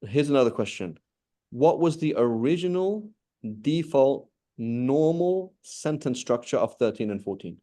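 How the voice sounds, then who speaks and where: A man's voice: medium pitch, animated, unhurried, mellow. A man teaching an Arabic language class, patiently asking questions and repeating key points. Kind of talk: live online class teaching.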